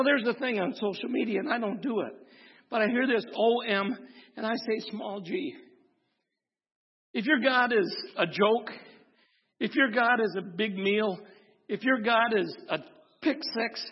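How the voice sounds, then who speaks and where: A man's voice: high-pitched, unhurried, pauses often, husky. A man from Wisconsin, a pastor giving a sermon, folksy and humorous, telling stories and preaching with force. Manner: folksy, humorous storytelling, preaching with rising intensity. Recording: dull lo-fi recording with long hall reverb.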